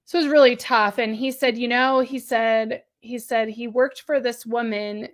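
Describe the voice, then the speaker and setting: A woman co-hosting a podcast in casual chat, animated and laughing often. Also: a little high, normal speed. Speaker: podcast co-host.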